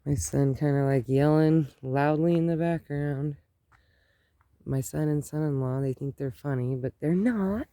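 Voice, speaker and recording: A woman's voice: a bass voice, fairly even intonation, measured pace, vocal fry, warm tone. A middle-aged woman chatting casually in her garden as she films, rambling with lots of "like". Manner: rambling, says "like" often. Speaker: gardening vlogger. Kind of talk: casual vlog chat. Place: outdoor garden.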